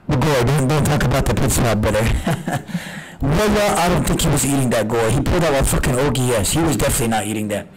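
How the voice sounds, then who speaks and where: Foul-mouthed man streamer with lively pitch. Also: fairly quick, very noisy. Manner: profane trash talk, bursts of shouting. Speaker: game streamer. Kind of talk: casual live-stream chat. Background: music.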